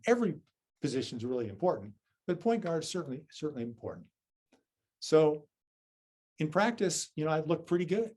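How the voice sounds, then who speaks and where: A man's voice: a little high, darkish tone. A man with a Southern US accent, a Zen teacher giving a dharma talk. He tells a self-deprecating personal story and keeps checking in with listeners with "right?" and "okay?".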